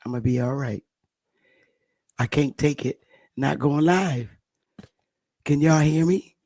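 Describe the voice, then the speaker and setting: A woman hosting a casual livestream, hoarse while her voice recovers, talking softly and greeting viewers by name. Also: deep voice, slow pace, no echo. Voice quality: gravelly, husky. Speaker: livestream host.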